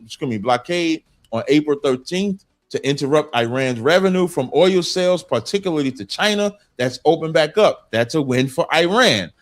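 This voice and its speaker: A male panelist in a debate, insistently reading news items aloud and repeating a refrain after each point. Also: a little high.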